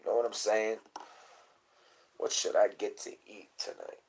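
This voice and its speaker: Rambling, profane man, low voice. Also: level tone, a little slow, slightly rough, low-quality recording. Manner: rambling, profane, conspiratorial, mumbles off into quiet asides. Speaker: livestream host. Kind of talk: rambling casual livestream talk.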